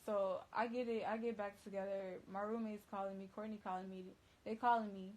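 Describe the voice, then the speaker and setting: A woman's voice: mid-range voice, flat delivery, brisk, darkish tone, slight background noise, poor audio. A woman DJ telling a story casually on a phone livestream, talking emphatically and profanely, with constant "like" and "bruh.".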